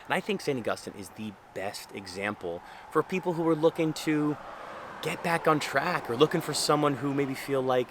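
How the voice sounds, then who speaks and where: A man's voice: a little high, lively intonation, normal speed, noisy background. A young man speaking earnestly and conversationally about faith, with frequent fillers. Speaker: Catholic speaker. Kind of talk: casual faith talk to camera.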